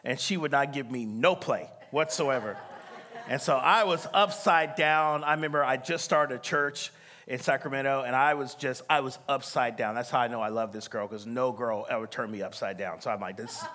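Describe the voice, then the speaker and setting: A man preaching a sermon, telling a story with lively acted-out voices and calling out to the congregation. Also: mid-range voice, moderate pace. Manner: animated storytelling, acts out voices, laughs, calls to congregation. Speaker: pastor.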